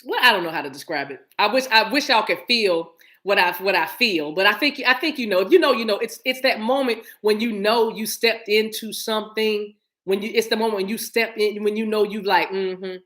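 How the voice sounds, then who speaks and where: A middle-aged woman gives a spiritual card reading in a loose, chatty way. She is animated and encouraging, acting out scenes with hums and little sounds. Her voice sits at an ordinary pitch for a woman. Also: brisk. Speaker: spiritual reader.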